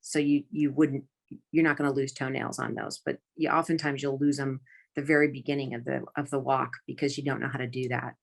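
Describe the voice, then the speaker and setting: A woman guest telling a personal story in an earnest, halting way, often restarting her sentences. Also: very deep voice, steady tone, creaky. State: close to tears. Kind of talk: conversational storytelling.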